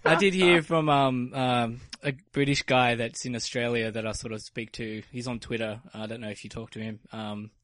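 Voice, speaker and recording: A male podcast co-host speaks in a mid-pitched voice, stumbling and restarting as he gathers his thoughts. The sound is dry and close. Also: steady tone, fairly bright tone, no echo. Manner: hesitant, halting, self-deprecating. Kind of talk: casual chat.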